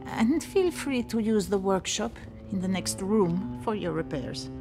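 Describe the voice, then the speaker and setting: A woman voicing a kindly village helper in a video game, gentle and hospitable. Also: mid-range voice, animated, unhurried. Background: game music.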